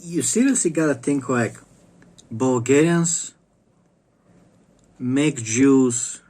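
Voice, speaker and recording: A man delivers a profane monologue to camera at an unhurried, dragging pace. He rambles and restarts often, and swearing runs through nearly every sentence. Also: medium pitch, a little mellow. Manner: rambling, stop-start, heavy swearing. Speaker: vlogger.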